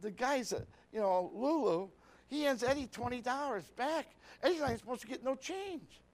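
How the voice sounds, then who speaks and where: A man's voice: extremely high pitch, expressive, normal speed. A man preaching a sermon, telling a folksy story with lots of repetition and rhetorical questions.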